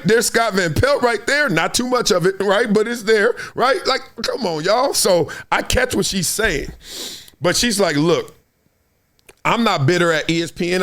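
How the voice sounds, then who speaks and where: A middle-aged man with holds forth on a sports talk show. His voice sits high and swings widely as he makes his points. He repeats words for emphasis and laughs through his arguments. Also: fairly bright tone. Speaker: podcast host. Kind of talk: casual sports commentary monologue.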